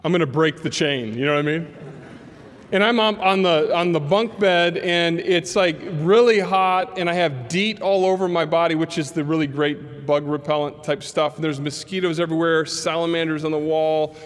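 Storytelling pastor in an echoing hall. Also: male voice, on the high side, normal speed. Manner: animated storyteller acting out quotes. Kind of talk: sermon storytelling. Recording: long hall reverb.

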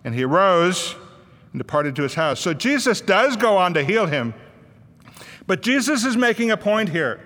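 A male preacher delivers a sermon, retelling a scripture story and slipping into the voices of its characters. His voice sits high and sounds bright and ringing. A long hall reverb trails after his words. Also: very animated, normal speed. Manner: storytelling, acts out the voices of people in the Bible story.

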